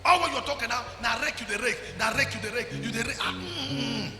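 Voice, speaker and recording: A man with a Nigerian accent preaching a sermon as pastor, calling people forward and shouting at the peaks. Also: extremely high pitch, animated, fast talker, reverberant, in a large hall, faint music behind.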